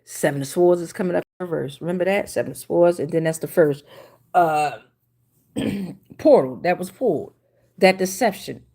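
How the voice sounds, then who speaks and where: A woman's voice: fairly low pitch, normal speed, warm tone, echoey room. A woman giving a casual tarot reading to a phone camera, slangy and emphatic, often repeating herself. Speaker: tarot reader.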